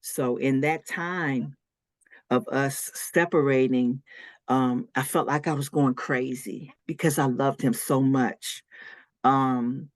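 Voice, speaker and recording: A woman's voice: rumbling low, steady tone, slow pace, no room sound, clean studio sound. A woman guest on a faith podcast, telling her personal story with strong emotion and acting out what others said. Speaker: interview guest.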